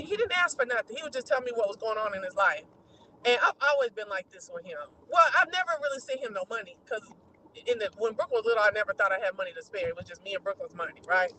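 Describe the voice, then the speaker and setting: A woman's voice: mid-range voice, bright, forceful tone, slight background noise, low-quality recording. A middle-aged woman hosting a livestream, chatting casually and telling a story to her viewers, whom she keeps calling "girl". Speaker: livestream host. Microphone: streaming mic.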